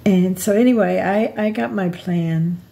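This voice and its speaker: An older woman talks slowly and reflectively in a home vlog, wandering between memories and advice. Her low voice is gravelly and mellow, and she often restarts her sentences. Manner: rambling, reflective, with repeated restarts. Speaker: vlogger. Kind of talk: personal storytelling vlog.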